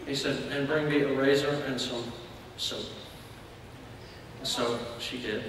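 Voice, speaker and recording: A church elder preaching a sermon, telling a story and acting out shouted lines. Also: male voice, medium pitch, fairly even intonation, measured pace, slight background noise. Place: church sanctuary. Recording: echoey hall from far off.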